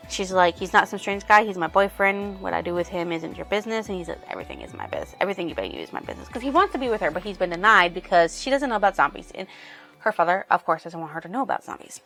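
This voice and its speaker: A woman's voice: mid-range voice, fast talker, a bit bright, soft background music. Woman casually recapping a book. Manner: rambling retelling with many "she's like" quotes. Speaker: book reviewer.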